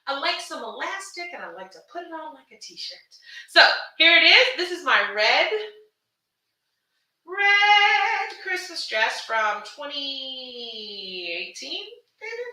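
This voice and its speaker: A woman from Houston, Texas, chatting casually on a livestream while selling her gowns, animated and calling viewers baby and honey. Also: high-pitched, slow, far from the mic. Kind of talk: casual livestream sales chat. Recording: echoey room, voice away from the mic.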